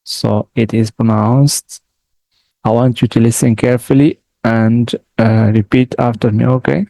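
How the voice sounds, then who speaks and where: A man's voice: mid-range voice, fairly even intonation, unhurried, vocal fry, warm tone. A man from Morocco, teaching a language lesson patiently and repeating words for the listener to echo.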